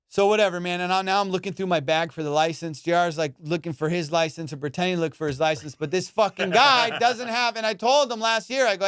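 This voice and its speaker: A man's voice: high-pitched, quick pace, clear, resonant tone, no echo. A man hosting a comedy podcast, telling a story with lots of swearing and fillers. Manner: animated and profane, with lots of fillers.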